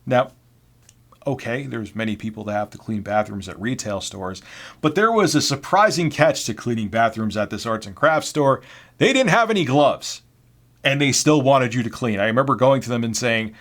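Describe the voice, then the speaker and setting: A man's voice: medium pitch, expressive, normal speed, a bit bright. A middle-aged man vlogger telling personal work stories in a candid, sardonic, conversational way. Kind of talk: casual storytelling.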